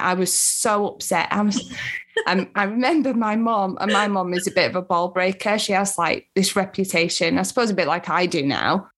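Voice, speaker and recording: A woman's voice: mid-range voice, a bit bright. A woman in her thirties chatting candidly and telling a personal story in a casual conversation. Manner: candid, storytelling, laughs easily. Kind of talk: casual chat.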